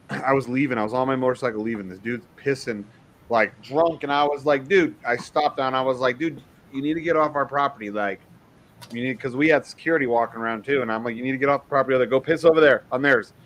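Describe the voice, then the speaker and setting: A man telling a bar story in casual chat, swearing freely and animated. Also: mid-range voice, fast talker, slight background noise, poor audio.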